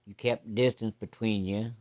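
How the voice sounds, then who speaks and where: Level in tone, a little mellow, and at normal speed, this man's slightly low voice carries a casual, unscripted folksy tale. He's salty and blunt, swearing freely as the story rolls along.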